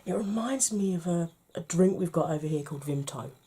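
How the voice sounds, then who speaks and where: A woman's voice: lowish voice, lively intonation, brisk, warm tone, breathy edge. A woman from the United Kingdom chatting through a makeup tutorial and often dropping to a whisper as she works. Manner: chatty, often drops to a whisper while working. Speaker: makeup vlogger.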